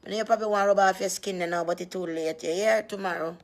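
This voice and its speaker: A woman's voice: medium pitch, steady tone, fast. A woman chatting casually with her viewers, teasing and laughing often.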